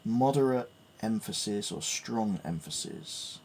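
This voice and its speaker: A man's voice: lowish voice, animated, slow pace, creaky, a little mellow, husky. A man thinking aloud as he works through piano theory, reading notes and musing hesitantly with fillers. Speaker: piano learner. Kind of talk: thinking aloud while studying music theory.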